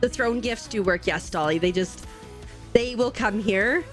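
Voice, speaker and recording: A young woman hosts a live craft stream from home on a desk mic, stitching while she chats casually, rambles, and reads and answers her chat in a bubbly way. Her voice is medium in pitch and measured in pace, over soft background music.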